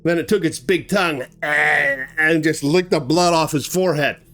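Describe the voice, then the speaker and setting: A man telling a grim story casually, animated and conversational, acting out sounds as he goes. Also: on the high side, moderate pace, soft background music.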